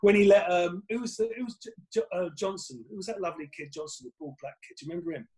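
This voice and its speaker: A middle-aged English comedian, a podcast guest, telling lively stories and acting out voices. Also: male voice, high voice, fast. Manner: lively, acts out voices and laughs mid-story. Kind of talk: animated storytelling.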